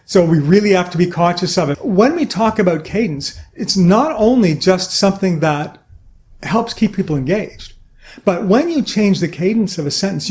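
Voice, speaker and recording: A middle-aged man giving an energetic instructional talk on speaking, demonstrating points with his own voice. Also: sits high. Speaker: communication trainer.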